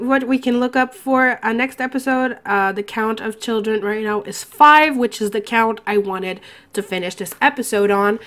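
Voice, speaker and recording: A woman's voice: fairly high pitch, a bit bright. Congested woman doing casual game commentary. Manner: chatty, exasperated, swears and laughs often. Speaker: let's play host.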